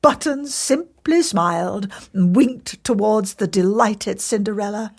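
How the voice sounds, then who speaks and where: A woman's voice: mid-range voice, a little slow, vocal fry, noisy background. A woman reading a fairy tale aloud in a playful, theatrical way. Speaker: storybook narrator. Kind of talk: expressive storybook reading.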